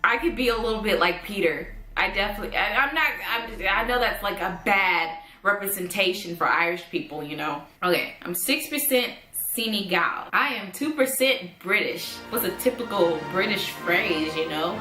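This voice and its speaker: A woman's voice: medium pitch, lively intonation, moderate pace, hardly any pauses, sharp tone, roomy sound, faint music behind. A woman in her twenties vlogging casually to camera, rambling and thinking aloud with lots of fillers. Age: 20s.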